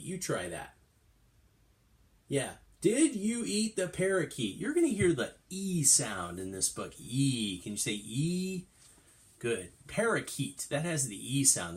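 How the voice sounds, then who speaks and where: A middle-aged man teaching kindergarten, reading a storybook aloud in an animated, sing-song way. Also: on the low side. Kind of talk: storytime lesson for young children.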